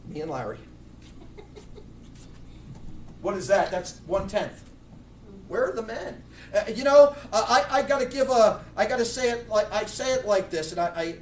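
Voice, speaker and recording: A man's voice: sits high, a little hiss or hum. A middle-aged man preaching a blunt, fiery sermon with many restarts. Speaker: pastor. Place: church sanctuary. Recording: echoey room, mic far off.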